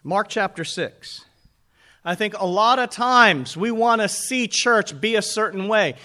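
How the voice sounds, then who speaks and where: Man, pastor, sermon, fairly high voice, conversational, rhetorical questions. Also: measured pace, bright, forceful tone.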